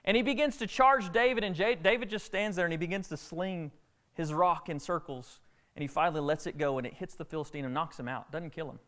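A man preaching a sermon, retelling a Bible story with lively, acted-out dialogue. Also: a little high, a little fast. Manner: animated storytelling preacher, acting out characters' lines. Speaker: pastor.

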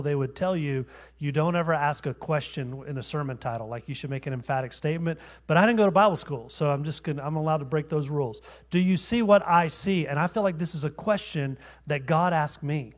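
A man in his forties preaches in a church, his voice pitched a little high for a man. He keeps it conversational and self-deprecating, leaning on rhetorical questions to carry the sermon. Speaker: guest pastor. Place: church sanctuary.

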